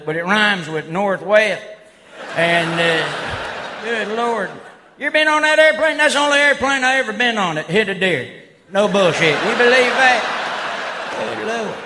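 A man doing loud redneck stand-up comedy, laughing at his own jokes. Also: high-pitched. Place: live comedy stage before an audience. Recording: live show with crowd noise.

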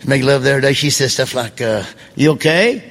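A man doing a stand-up comedy routine, telling folksy stories in a drawl and now and then breaking into loud yelps. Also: medium pitch, steady tone, fast talker. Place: live comedy stage before an audience. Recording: live show with crowd and background noise.

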